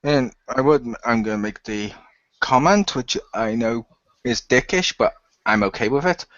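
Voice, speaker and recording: A man in a casual podcast chat, making teasing, deadpan jabs at the others. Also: medium pitch, a little slow, no echo, lo-fi sound. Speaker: podcast co-host.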